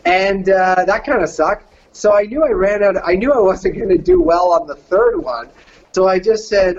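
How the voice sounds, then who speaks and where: Animated Canadian man, high voice. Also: normal speed, lo-fi sound. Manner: animated, drops into surfer-dude voices. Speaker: voice actor telling a story. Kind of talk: casual storytelling.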